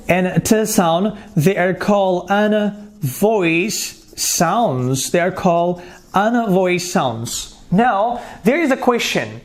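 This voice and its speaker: A man's voice: high-pitched, animated, slow pace. A man teaching pronunciation, repeating terms and sounding out consonants one by one. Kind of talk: slow spoken lesson.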